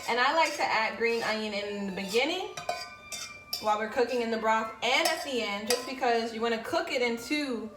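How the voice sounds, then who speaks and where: A woman's voice: a little high, moderate pace, reverberant, background noise. A woman casually demonstrating a recipe in her home kitchen, chatty and playful, talking straight to her viewers. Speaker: home cooking vlogger.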